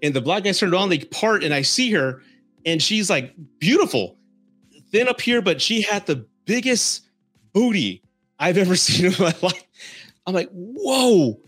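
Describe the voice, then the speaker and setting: A man's voice: high voice, animated, moderate pace, fairly bright tone, husky, no echo, soft background music. A man from San Antonio hosting a podcast, telling dating stories and giving advice in a casual way, chuckling often as he talks. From San Antonio, Texas, US. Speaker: podcast host.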